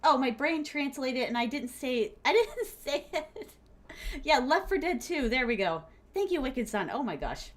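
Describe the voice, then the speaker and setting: Here a young adult woman talks casually to her stream audience while playing, bubbly and giggly, with lots of fillers, sudden squeals and pet names for viewers. Her voice is high and very animated, yet unhurried.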